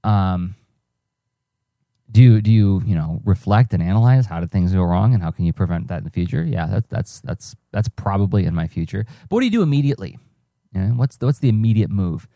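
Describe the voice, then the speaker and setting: Low, mellow man musing aloud. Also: lively intonation, a little fast, gravelly, dry recording. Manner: rambling, self-correcting, conversational. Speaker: podcast host, cartoonist and teaching artist. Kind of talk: reflective solo podcast monologue.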